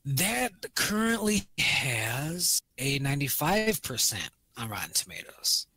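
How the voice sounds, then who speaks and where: A man's voice: mid-range voice, big pitch swings, takes it slowly, bright, forceful tone, no room sound. Casual, profane man on a podcast. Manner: rambling, profane, acts out quotes. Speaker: podcast co-host. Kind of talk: casual movie chat.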